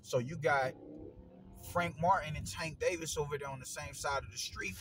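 A man, giving a casual opinion monologue as a boxing commentator, animated and slangy, swearing and repeating himself. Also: on the high side, moderate pace, over loud music, rough recording.

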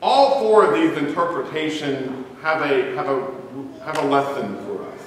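A man's voice: a little high, lively intonation, moderate pace, slight background noise. A man preaching a sermon to his congregation, emphatic and stressing single words. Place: church sanctuary. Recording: echoey church hall, mic at a distance.

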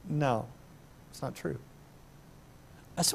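A middle-aged male pastor preaching a sermon in a church, breaking into sudden loud, high bursts of emphasis. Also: normal speed, pauses often. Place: church sanctuary.

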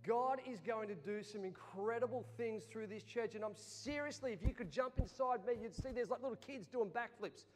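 A man preaching a sermon in an animated style, going from loud to hushed. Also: high voice, normal speed, hardly any pauses. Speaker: pastor. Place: church hall. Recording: long church reverb.

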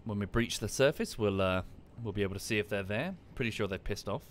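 A man casually commenting on a live game stream and explaining history at length in a relaxed, wry way. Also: on the low side, fast, a little hiss or hum.

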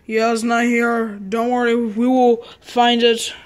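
Woman, fairly high voice, unhurried and halting, playing teacher with toys. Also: monotone. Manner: halting, repeats words and restarts often. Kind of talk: toy role-play as a teacher.

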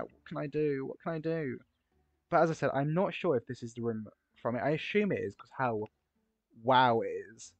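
An excitable man with a mid-range voice gives casual gameplay commentary as a video creator touring players' builds, gushing with quick gasps and exclamations. His mic is dry and lo-fi, slightly dull, with no room sound.

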